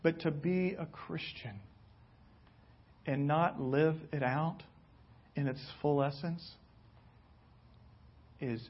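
Male pastor, sermon, slow dramatic storytelling, slightly high voice, muffled lo-fi recording. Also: breathy edge. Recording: dull lo-fi recording.

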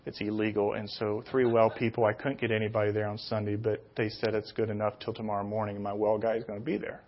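Rambling middle-aged pastor on dull audio. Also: male voice, on the low side, quick pace. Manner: rambling, self-deprecating anecdotes that build to loud, excited retelling. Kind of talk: sermon with personal storytelling.

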